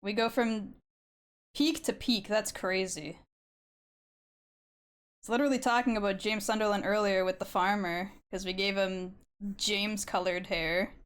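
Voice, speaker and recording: A woman streamer in relaxed chat while she draws live, swearing often and laughing easily. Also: medium pitch, measured pace, pauses often, clear, resonant tone. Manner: calls herself loud.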